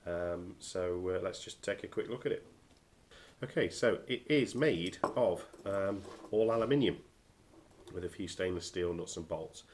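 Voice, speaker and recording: Man from the UK, very low voice, stuffy nasal cold, casual halting gear review, faint hiss behind. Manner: hesitant, many ums and restarts.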